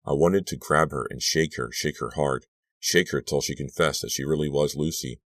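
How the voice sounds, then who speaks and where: A man with an extremely deep voice narrates an audiobook in steady, measured storytelling. The sound is close and completely dry, with no room echo. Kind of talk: scripted narration.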